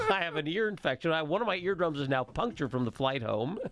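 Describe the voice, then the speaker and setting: A sleep-deprived man telling a travel story on a podcast, animated and laughing. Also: fairly high pitch, brisk. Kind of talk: casual chat.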